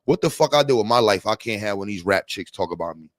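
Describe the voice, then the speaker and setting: A man voicing a jealous middle-aged man who mutters to himself in a low grumble. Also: expressive, quick pace, no echo, close to an everyday voice. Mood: grumbling.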